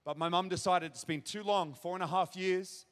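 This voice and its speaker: An Australian pastor with a high-pitched, steady voice delivers a testimony sermon at normal speed in a large church auditorium. He tells his story vividly to the crowd, acting out a child's shouted cries, with long hall reverb on the recording.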